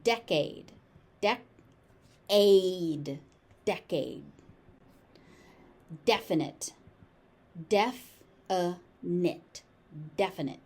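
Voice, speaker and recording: A woman with a General American accent teaching pronunciation, saying each word slowly, sometimes syllable by syllable. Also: medium pitch, animated, warm tone. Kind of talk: slow, deliberate pronunciation lesson.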